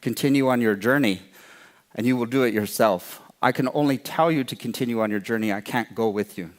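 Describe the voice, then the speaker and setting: A man's voice: medium pitch, brisk, close to an everyday voice. Wise frog, male, patient teacher tone; a man voices him in a told story. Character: wise calm male frog guide by the river.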